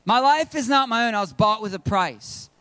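A man's voice: high voice, lively intonation, moderate pace, a bit bright, smooth, no room sound. A man preaching a sermon to his congregation in a conversational, joking way. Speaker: pastor. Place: church service.

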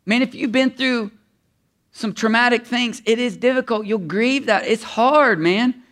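A man preaching a sermon as a pastor, swinging from shouted emphasis to hushed, intimate passages. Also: extremely high pitch, unhurried.

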